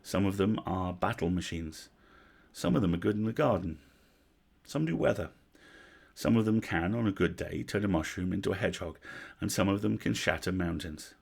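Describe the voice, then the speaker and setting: A man reading a story aloud on a livestream, measured, with wry asides. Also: low-pitched, gravelly, slightly rough. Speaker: story reader.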